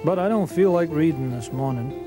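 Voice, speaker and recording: A man's voice: a little high, fairly quick, music in the background. A man from Maine with a Maine accent, reciting a humorous story poem in a dry, folksy way.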